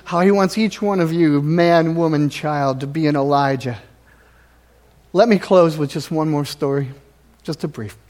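High-voiced, emphatic male pastor. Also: normal speed. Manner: emphatic, swinging from loud exhortation to near-whispers. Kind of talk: sermon. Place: church sanctuary.

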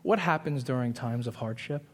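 A man in his twenties preaching a sermon, telling a story with animated voices and repeating key lines for emphasis. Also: medium pitch, breathy edge. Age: 20s. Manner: storytelling with animated put-on voices and quick asides.

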